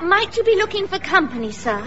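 Saucy cockney wife, very high lively voice, dull lo-fi sound, music behind. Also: female voice, fairly quick, full character voice. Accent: London Cockney. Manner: saucy, brassy, full of rhyming slang. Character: brash cockney wife turned streetwalker, woman. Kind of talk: comic radio play acting.

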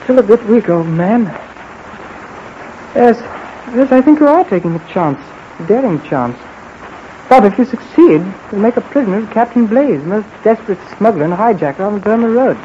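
A breezy young American adventurer. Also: male voice, sits high, animated, normal speed. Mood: concerned. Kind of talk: 1940s radio acting. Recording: dull old radio recording with faint hiss.

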